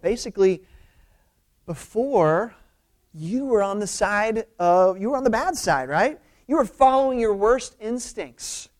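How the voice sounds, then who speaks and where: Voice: mid-range voice, expressive, measured pace, a little mellow. A pastor preaching a conversational sermon, informal and emphatic, often checking in with the listeners.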